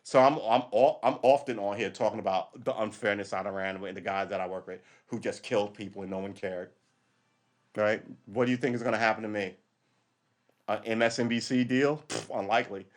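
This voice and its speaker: This fairly low, steady voice, moving a little fast, belongs to a middle-aged ex-cop running a casual livestream. He speaks bluntly, swears freely, laughs often and keeps starting over.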